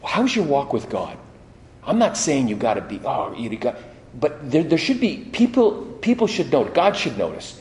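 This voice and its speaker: A middle-aged man preaching a sermon, telling stories with lively quoted voices and frequent restarts. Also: mid-range voice, moderate pace. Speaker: pastor. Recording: echoey hall.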